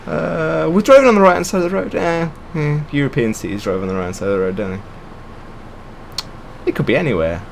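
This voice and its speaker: A man's voice: a little high, brisk, vocal fry, a little hiss or hum. A young man commentating on a game, sarcastic, swearing and ranting in bursts. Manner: sarcastic, ranting, swears a lot, often laughing. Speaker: gamer.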